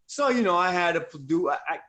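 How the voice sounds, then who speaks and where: A laid-back man with a New Jersey accent talks shop as an interview guest. His voice sits a bit high for a man, and he keeps dropping "man" and "you know" into loose, rambling sentences. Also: expressive, brisk, pushed and bright. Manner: easygoing, fills speech with "man" and "you know". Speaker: actor guest. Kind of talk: casual chat.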